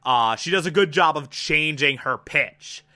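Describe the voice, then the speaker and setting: Gushing man with a bright voice. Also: a little high, animated, a little slow. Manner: gushing and enthusiastic, with frequent "uh" fillers. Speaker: episode reviewer. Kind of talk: casual review commentary.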